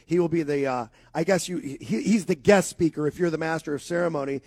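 A man's voice: fairly high pitch, a little fast, a little mellow, no echo. Emphatic radio sports talk man.

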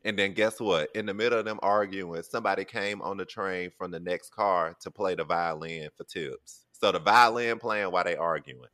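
A man hosting a casual podcast, asking playful questions and telling funny stories in a relaxed way. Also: deep voice, normal speed, few pauses. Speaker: podcast host. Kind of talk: casual chat.

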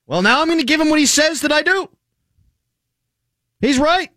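A man hosting a sports talk radio show, sarcastic and animated, reading stats with mock drama in casual banter. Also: high voice, moderate pace, dry recording, clean studio sound.

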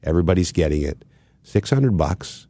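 A middle-aged man hosting a podcast, telling stories and reading ads in a relaxed, rambling way. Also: low-pitched, normal speed, no room sound. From Canada. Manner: relaxed, rambling storyteller who reads ads conversationally. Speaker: podcast host. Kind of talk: casual chat.

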